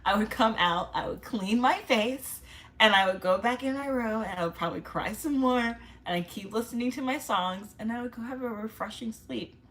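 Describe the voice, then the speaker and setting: A woman's voice: fairly high pitch, normal speed, a bit bright. A young woman vlogger in casual chat, chatty and self-mocking, laughing often.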